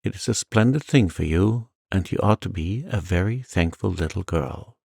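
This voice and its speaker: A man voicing a stern, brisk orphanage matron in a storybook. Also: low-pitched, expressive, gravelly, darkish tone, slightly rough, no room sound, clean studio sound, exaggerated voice.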